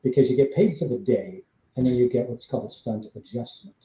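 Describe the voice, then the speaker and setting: A man with a mid-range voice and lively intonation tells stories at a fairly quick clip; he used to be a stunt double. His casual live-stream anecdotes ramble, packed with fillers and laughs between lines. The sound is roomy with the highs cut off.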